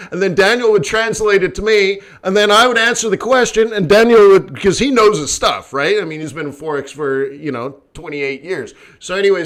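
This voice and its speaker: A man with a slightly high voice hosts a live trading stream and talks straight to his viewers. He tells his stories in a loose, animated way and acts out the people he quotes, sometimes jumping up to a near shout. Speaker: forex trading host. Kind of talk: live stream chat and storytelling.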